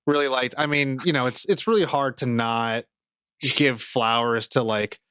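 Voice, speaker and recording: A man co-hosting a casual podcast, animated and swearing freely as he acts out quotes. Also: medium pitch, normal speed, smooth, no room sound, studio quality. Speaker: podcast co-host.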